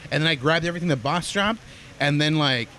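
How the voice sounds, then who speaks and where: A man's voice: on the high side, expressive, quick pace, pushed and bright, slight background noise. A man co-hosting a casual podcast, describing things in a rambling way with many fillers. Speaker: podcast co-host.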